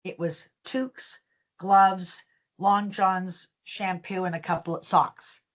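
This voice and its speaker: Her voice is fairly low and slow. As a guest in an interview, this business founder spins lively stories, voicing the dialogue of the people involved.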